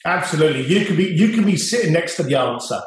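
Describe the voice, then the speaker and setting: Male guest, blunt and profane, slightly high voice, very echoey room. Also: lively intonation, quick pace. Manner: blunt, swearing storyteller. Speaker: interview guest. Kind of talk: casual conversation.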